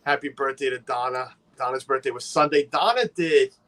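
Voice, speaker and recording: A man's voice: medium pitch, a little fast, a crowd in the background. A man hosting a casual livestream, chatty and playful, greeting viewers by name and teasing his co-host.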